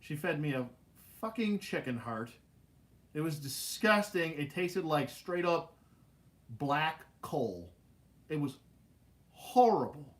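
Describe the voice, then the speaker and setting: A young man casually telling a funny childhood story, animated and laughing, acting out his family's lines. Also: fairly high pitch, slow, pauses often. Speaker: host.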